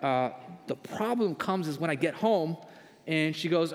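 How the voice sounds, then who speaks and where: A man's voice: fairly high pitch, expressive, unhurried. A young man preaching a sermon in a conversational, self-deprecating storytelling manner. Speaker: pastor. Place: church hall. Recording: long reverb of a large hall.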